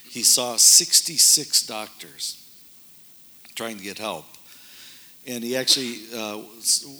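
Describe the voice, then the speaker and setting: A man's voice: lowish voice, pushed and bright. A man speaking earnestly in casual discussion about faith and miracles, telling a story with many fillers and restarts.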